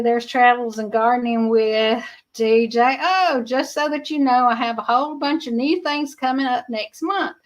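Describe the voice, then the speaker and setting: Middle-aged georgia lady chatting on her livestream, country twang, high voice, laughs a lot. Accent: Southern US, Georgia. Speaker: livestream host. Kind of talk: casual livestream chat reading comments.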